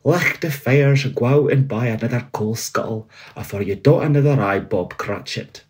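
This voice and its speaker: A man doing gruff old Doric miser. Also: mid-range voice, normal speed, a little mellow, natural voice. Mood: jovial. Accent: North-East Scots. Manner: gruff, clipped growl.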